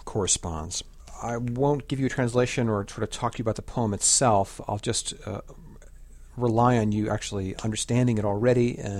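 A man teaching on his podcast in a casual spoken way, with many fillers and pauses, sometimes chanting a rhythm on one syllable. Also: fairly low pitch, a little mellow. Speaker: podcast teacher of Latin verse. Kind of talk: slow measured poetry recitation.

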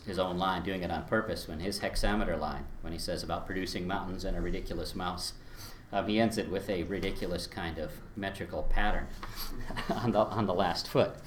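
A man teaching a class on Latin verse, lively and chuckling, slowing down to recite lines beat by beat. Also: lowish voice, reverberant, slight background noise. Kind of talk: lecture with recitation.

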